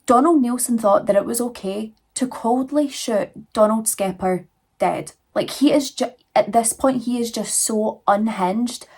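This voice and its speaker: A woman's voice: on the high side, a little slow, a little mellow, husky. Chatty woman telling true crime. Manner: chatty, with asides to viewers. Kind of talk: casual true crime narration.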